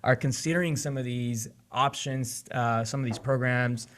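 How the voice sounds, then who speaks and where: Male host, mid pitch, upbeat and promo-minded, conversational. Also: steady tone, moderate pace. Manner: upbeat, promotional, repeats words. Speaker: podcast co-host, realtor. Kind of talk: casual chat.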